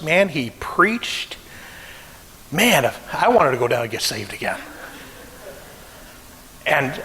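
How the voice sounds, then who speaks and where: A man's voice: a little high, fairly bright tone, big-room sound, a little hiss or hum, low-quality recording. A middle-aged man preaching a sermon, telling a personal story with emotion and acting out the voices he quotes. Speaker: pastor.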